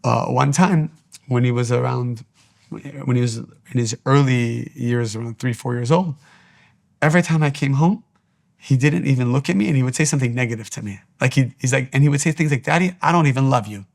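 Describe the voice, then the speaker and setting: A man's voice: mid-range voice, a little fast, gravelly, a little mellow. A man giving an earnest spiritual teaching talk, urging his listeners with repeated short exhortations.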